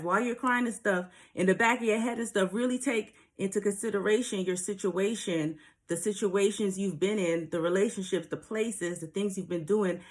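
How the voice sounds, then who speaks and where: A woman giving casual spiritual advice straight to her viewers, earnest and a little preachy, often asking them rhetorical questions. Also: mid-range voice.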